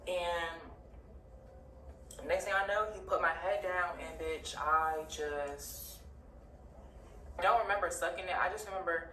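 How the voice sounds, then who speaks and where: A woman's voice: on the low side, fairly even intonation, measured pace, long pauses, bright, forceful tone. A woman telling a personal story in a casual storytime vlog, candid and profane, with lots of "like". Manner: candid, profane, heavy use of "like". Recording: roomy distant mic with faint ambient noise.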